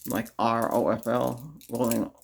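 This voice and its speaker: A man's voice: mid-range voice, steady tone, a little slow, gravelly, slight background noise. A man hosting a Reiki video, giving casual spoken advice to viewers, chuckling often and repeating himself. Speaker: Reiki ASMR host.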